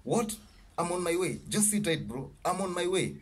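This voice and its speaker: A man voicing a panicked young gym helper taking an urgent phone call, pitched well above his own voice. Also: animated, moderate pace, slight background noise. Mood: alarmed. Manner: alarmed, urgent.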